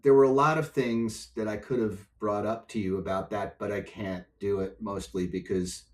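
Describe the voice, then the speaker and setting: An older man, a music and software executive, telling stories as a podcast guest and acting out other people's voices. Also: on the low side, normal speed. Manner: animated storyteller, acts out voices in anecdotes. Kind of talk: storytelling in a podcast interview.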